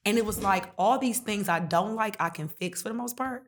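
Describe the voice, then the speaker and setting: A woman's voice: mid-range voice, brisk. A woman talking candidly and emotionally in a heart-to-heart conversation, full of casual slang.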